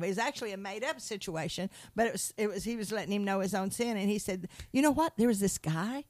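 A woman teaches from scripture in a relaxed conversation. She tells Bible stories with lively energy and acts out the characters' lines. Her voice sits at an ordinary middle pitch. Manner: animated storytelling, acts out quotes. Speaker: Christian speaker.

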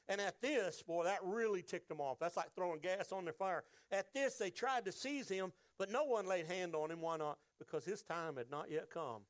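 A man's voice: sits high, dry recording. A man preaching a sermon, reading scripture and acting out crowd voices with emphatic delivery. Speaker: pastor.

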